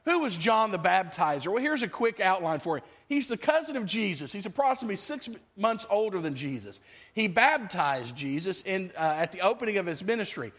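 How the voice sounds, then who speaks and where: A man's voice: high voice, very animated, brisk, fairly bright tone. A man preaching a sermon as pastor, talking to his congregation in a conversational way and acting out quotes.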